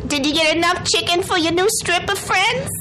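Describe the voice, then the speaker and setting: A woman's voice: normal speed, noisy background. A woman playing a nagging, easily shocked mother who scolds her grown son. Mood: scolding. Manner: shrill, scolding.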